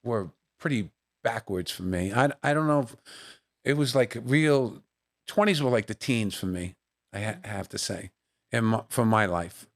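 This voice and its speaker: Speaking at a moderate pace in a lowish voice, a middle-aged comedian trades family stories during a relaxed interview. He peppers them with fillers and laughter, performing the voices of family members as he goes.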